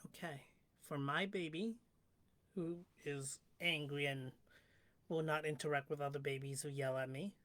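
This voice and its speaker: A woman livestreamer thinking aloud in a slow, musing monologue that sometimes drifts into a whisper. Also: sits low, fairly even intonation, fairly bright tone, no room sound. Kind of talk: reflective spoken monologue.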